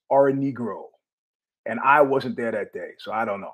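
A man's voice: medium pitch, expressive, normal speed, slightly rough. A man hosting his own show, telling rambling stories in a wry, profane monologue full of restarts. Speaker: podcast host.

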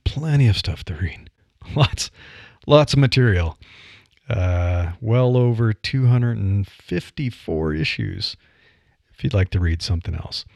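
A man's voice: lowish voice, darkish tone, no room sound. Blunt older Midwestern man on a podcast. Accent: Midwestern American. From Nebraska, US. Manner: blunt, plain-spoken, wry. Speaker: podcast host. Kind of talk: solo podcast monologue. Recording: dry, slightly dull audio.

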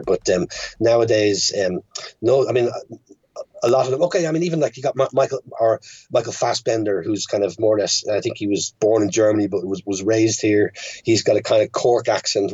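A man's voice: fairly low pitch, fairly quick, a little mellow, slightly rough, dry recording. A man with a Dublin Irish accent, a filmmaker speaking as a podcast guest, thinking aloud and often restarting his sentences. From Ireland. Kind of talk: casual podcast conversation. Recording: dull, muffled podcast audio.

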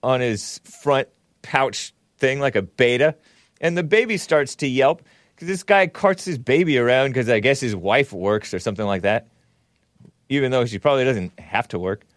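A male talk show host who comments on clips with mockery, breaking into laughter and jumping up in pitch for his asides. His voice sits at a middle pitch. It is recorded close and dry, with no room sound. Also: animated, normal speed, dry recording. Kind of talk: casual political commentary.

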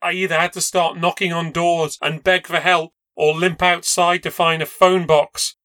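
A man's voice: on the high side, flat delivery, moderate pace, bright, forceful tone, no room sound. A man narrating a first-person ghost story with a tense, dramatic delivery. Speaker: podcast narrator.

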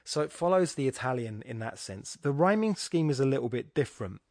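A man's voice: medium pitch, animated, fairly quick, darkish tone, dry recording. Man musing over a sonnet, dry sound. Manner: rambling, self-correcting, thinking aloud. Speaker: poetry podcast host. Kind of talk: informal spoken lecture on a sonnet.

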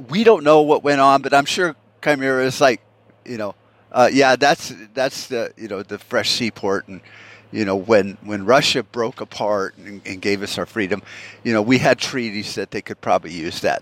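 A man's voice: mid-range voice, dry recording. A man hosting a solo podcast rant, profane and rambling, full of fillers and restarts. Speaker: podcast host.

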